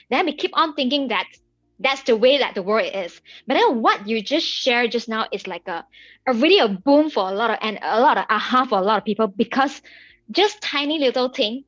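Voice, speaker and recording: Woman interview host, high voice, lots of pitch movement, enthusiastic, encouraging. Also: fairly bright tone, dry recording, dull audio. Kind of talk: casual interview talk.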